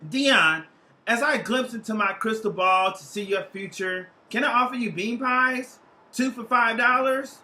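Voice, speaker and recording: A man's voice: very high-pitched, unhurried, pushed and bright, exaggerated voice. A man doing a Jamaican TV psychic woman. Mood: cooing sales pitch. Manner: sweet-talking, salesy, calls people honey and child. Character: gaudy woman TV psychic hawking trinkets.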